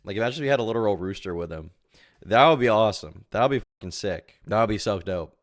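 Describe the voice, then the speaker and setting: Lively, profane male streamer. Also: lowish voice, quick pace, no echo, clean studio sound. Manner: loud, profane, laughing, repeats himself. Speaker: streamer reacting to a video. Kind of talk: casual live reaction chat.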